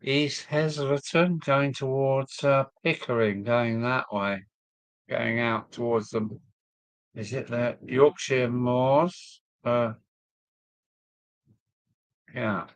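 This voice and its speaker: Slow and steady in tone, with long pauses, this medium-pitched man is recorded dry. He's a model railway streamer from Kent, southern English accent and all, casually reading viewer comments while rambling and trailing off on lots of ums.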